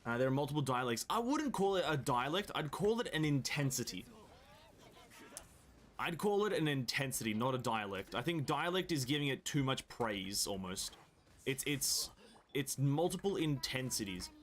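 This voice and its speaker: A man with an Australian accent chats loosely while he plays, wandering between thoughts and restarting his sentences. His voice sits at an ordinary middle pitch, close to a desk microphone, with the occasional casual swear. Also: very animated, moderate pace, fairly bright tone. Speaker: game streamer. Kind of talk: casual chat while gaming.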